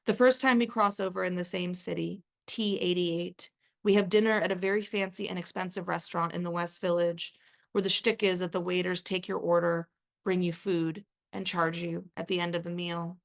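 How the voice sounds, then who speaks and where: Low, gravelly woman reading aloud. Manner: measured, even first-person reading with a dry aside. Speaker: author reading her own work. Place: live reading event.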